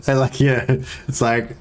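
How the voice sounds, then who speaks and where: A man's voice: mid-range voice, a little mellow, slight background noise. An Australian man in casual gaming chat, rambling and swearing casually while he plays co-op. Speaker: co-op game streamer.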